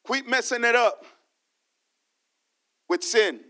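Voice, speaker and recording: A man's voice: very high-pitched, slow, pushed and bright. A man preaching a sermon as pastor, calling out to the church and reading scripture with emphasis. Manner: preaching with call-and-response to the church.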